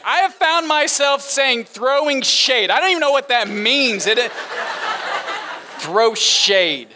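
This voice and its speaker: A middle-aged man preaching a sermon as pastor, animated and humorous, breaking into laughter during his asides. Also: very high-pitched, takes it slowly, noisy background.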